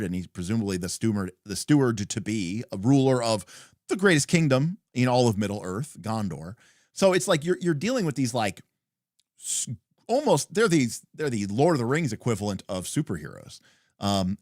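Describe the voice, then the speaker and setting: A man's voice: medium pitch, no room sound, clean studio sound. A man hosting a casual livestream, thinking aloud about a tabletop rulebook in a rambling way full of fillers. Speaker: stream host.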